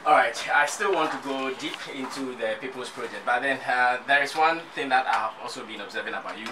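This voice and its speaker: Ghanaian man hosting a radio interview, mid-pitched voice, short probing questions, recorded from a distance over noise. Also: brisk. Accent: Ghanaian English. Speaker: radio show host. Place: radio studio. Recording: distant mic, noisy studio.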